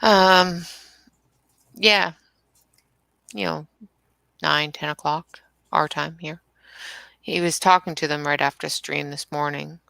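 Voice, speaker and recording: Woman, gravelly and bright, casual storyteller, close dry mic. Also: sits low, fairly even intonation, takes it slowly, long pauses, dry recording. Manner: storytelling, laughs easily. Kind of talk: casual chat.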